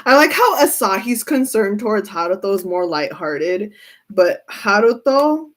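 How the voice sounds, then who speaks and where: A woman's voice: mid-range voice, animated, unhurried. A woman giving a casual tarot reading who keeps breaking into giggles as she talks. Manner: giggly, often breaks into laughter. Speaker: tarot reader.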